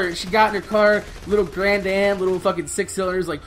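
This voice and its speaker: Profane, rambling high-voiced young man. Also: level tone, quick pace, hardly any pauses, fairly bright tone, slight background noise. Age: late 20s. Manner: rambling, heavily profane, laid-back street slang. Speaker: gaming channel host. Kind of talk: storytelling over gameplay.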